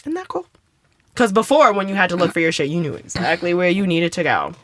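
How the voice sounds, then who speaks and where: A woman's voice: fairly quick, no room sound, studio quality. A woman in her thirties co-hosting a podcast, chatting casually and telling stories with lots of swearing. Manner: animated storyteller, swears freely, acts out quotes with big pitch jumps. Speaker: podcast co-host. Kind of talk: casual chat.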